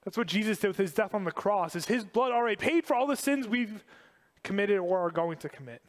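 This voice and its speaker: A man preaching a sermon to a congregation, animated and emphatic, repeating key phrases. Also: high-pitched, brisk, in a large hall. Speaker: pastor.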